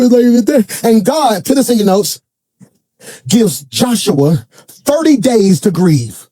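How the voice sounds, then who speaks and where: A man preaching from the pulpit in a very high, mellow voice. He shouts and sings his lines in bursts, then drops into loose, colloquial storytelling with asides to the congregation. The sound is close and dry. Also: sing-song, slow pace, no room sound. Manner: preaching in bursts of shouting and sing-song cadence. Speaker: pastor. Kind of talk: sermon. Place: church.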